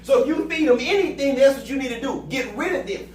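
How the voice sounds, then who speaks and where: A man's voice: very high voice, lively intonation, fast. A man preaching to a Bible study group, exclamatory and call-and-response. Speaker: pastor leading Bible study. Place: church room with group. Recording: roomy echo, distant mic, background noise.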